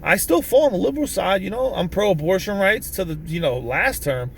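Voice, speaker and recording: A man's voice: high voice, lively intonation, fairly quick, vocal fry, a bit bright, slight background noise. A man ranting casually to camera in a vlog, rambling with many restarts, swearing and bursting out emphatically. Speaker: vlogger. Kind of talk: casual political rant to camera. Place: in a vehicle.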